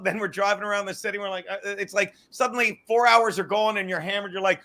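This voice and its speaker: A man, a comedian hosting a podcast, talking in crude, animated, profane banter. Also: high-pitched, fast talker, vocal fry, few pauses. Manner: crude, animated, swearing often. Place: car.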